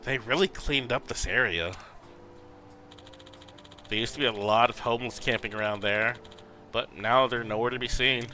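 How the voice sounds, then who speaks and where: A man's voice: mid-range voice, normal speed, long pauses, sharp tone, faint music behind, lightly acted. A man voicing a weary, reflective middle-aged ex-gangster, reading game dialogue aloud in a subdued, thoughtful way.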